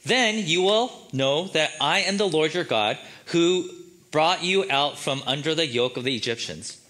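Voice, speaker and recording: A slow, emphatic reading of a commanding male deity, as a man puts him on, pitched a little high. The voice is bright and forceful and each phrase is weighed out. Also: expressive. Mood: solemn.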